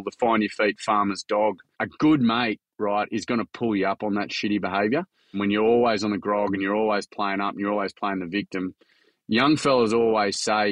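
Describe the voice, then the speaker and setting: A man's voice: fairly low pitch, a bit bright, no room sound. A young Australian man telling his own story in a casual podcast chat, earnest and frank with some swearing. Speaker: charity founder and workshop facilitator.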